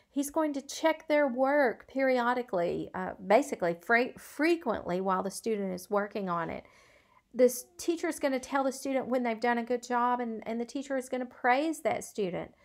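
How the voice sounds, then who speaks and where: A middle-aged woman gives a recorded video lecture, her voice sitting a little on the high side. She talks earnestly and conversationally, like a teacher who has spent years in a classroom, and often fills her pauses with um and uh. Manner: earnest, conversational, frequent "um" and "uh" fillers. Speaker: college instructor, former schoolteacher.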